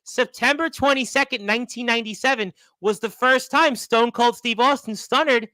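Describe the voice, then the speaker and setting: A man's voice: extremely high pitch, moderate pace, pushed and bright, dry recording. A man hosting a wrestling radio show, chatty and rambling, laughing along with his guest. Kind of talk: casual sports radio chat.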